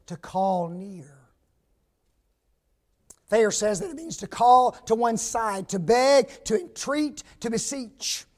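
A male preacher giving a sermon. He stresses words loudly, drops to hushed asides and asks the congregation rhetorical questions. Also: sits high. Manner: emphatic, swings from loud stress to hushed asides.

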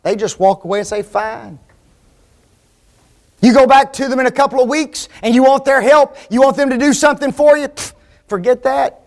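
A man with a high voice preaches a sermon. He drives his points home with emphatic repetition and keeps asking his listeners short tag questions. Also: fast talker, a little mellow.

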